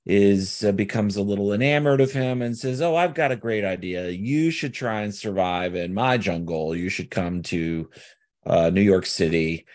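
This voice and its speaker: A man co-hosting a podcast, talking about movies in a loose, rambling way full of fillers and restarts. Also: fairly low pitch. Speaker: podcast co-host. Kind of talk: casual film discussion.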